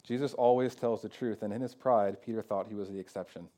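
Conversational preacher, loud emphatic bursts. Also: male voice, fairly even intonation, fairly quick. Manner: conversational preaching with fillers like "kinda" and "like"; swings from loud emphatic peaks to quiet low stretches. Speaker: pastor. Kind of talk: sermon.

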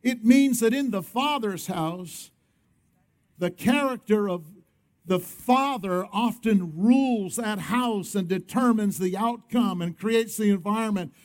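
A man's voice: sits high, unhurried, a little mellow. A male pastor preaching a sermon, emphatic, often calling on the congregation to respond.

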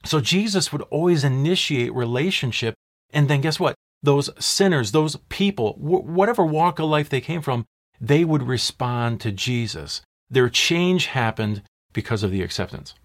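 A pastor with a mid-range voice and lively intonation preaches emphatically. He poses rhetorical questions and slows down to stress key words.

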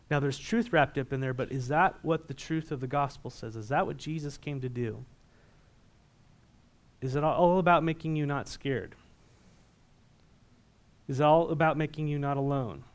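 A man preaching a sermon as a pastor, asking the congregation questions and growing loud and emphatic when reading scripture. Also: mid-range voice.

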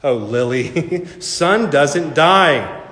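A man's voice: on the high side, animated, extremely slow, fairly bright tone, exaggerated voice. A man playing a proud, grumbling old bean plant. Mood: boastful. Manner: boastful, then bitter and complaining. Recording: echoey hall reverb.

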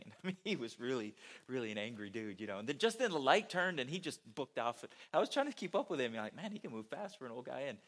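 A man's voice: medium pitch, fast. Conversational male preacher telling a story. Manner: conversational, animated storytelling with laughs. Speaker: pastor. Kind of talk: sermon with storytelling.

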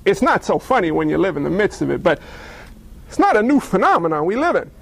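A man's voice: high-pitched, very animated, fast, creaky, fairly bright tone. A man preaching a sermon, retelling a story with humor and acting out the characters in mocking voices. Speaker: pastor.

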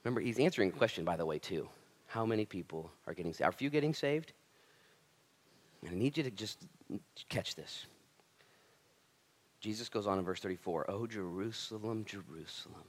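Male preacher, casual and conversational, big dynamic swings between loud and quiet. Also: on the low side, animated, brisk, long pauses. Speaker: pastor. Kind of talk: sermon.

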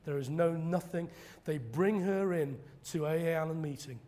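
A man preaching a sermon, telling stories dramatically and acting out quoted preachers in loud high bursts. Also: normal speed. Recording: long hall reverb.

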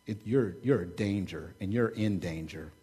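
A man from Oklahoma preaching a sermon as pastor, swinging from hushed asides to loud, joking, animated stretches. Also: fairly low pitch, moderate pace, husky.

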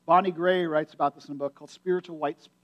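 A pastor with a notably high-pitched male voice delivers a sermon. He talks to the congregation in a casual, conversational way and drives his points home by repeating key phrases. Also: fairly even intonation, fast, a bit bright, highs cut off. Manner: conversational, emphatic preaching with repetition.

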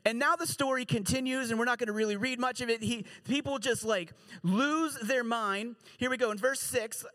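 A man preaching a casual, storytelling sermon, animated and joking, slipping into quick voices for the people in the story. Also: very high voice. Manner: slangy, joking asides. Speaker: pastor.

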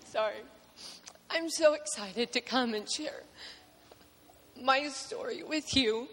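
Woman telling her story at church, halting, lots of ums, creaky voice. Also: a little high, lively intonation, a bit bright, in a large hall. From Georgia, US. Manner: emotional, halting, many ums. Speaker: church member giving testimony. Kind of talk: personal testimony. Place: church sanctuary.

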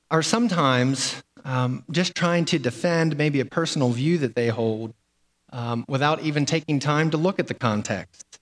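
Male pastor, relaxed sermon delivery with fillers and restarts, slightly high voice, recorded with long reverb in a large church. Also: normal speed. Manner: conversational, with fillers and repeated words.

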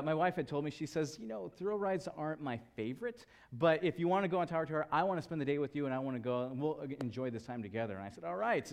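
A man in his thirties preaching a sermon as pastor, telling a story and acting out the people in it. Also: medium pitch. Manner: storytelling, animated voices for quoted people.

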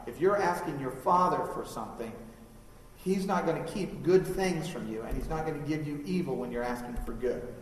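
A man in his thirties preaches in a relaxed, conversational way, often putting questions to the congregation. His voice sits a little high for a man. The sound is a long, echoing hall reverb, picked up from some distance, with faint room ambience. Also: normal speed, slight background noise. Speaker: pastor. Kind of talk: sermon. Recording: echoey hall, mic from far off.

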